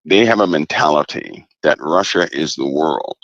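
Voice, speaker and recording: Very deep gravelly-voiced man. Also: animated, fairly bright tone, dry recording, muffled recording. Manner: deliberate, emphatic, repeats key phrases. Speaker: guest commentator. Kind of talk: casual interview talk.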